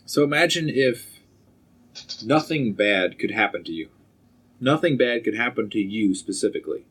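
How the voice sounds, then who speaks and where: A man's voice: lowish voice, lively intonation, moderate pace, a bit bright, slightly rough. A man co-hosting a casual podcast, easygoing, asking questions and laughing along. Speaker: podcast co-host. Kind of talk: casual chat.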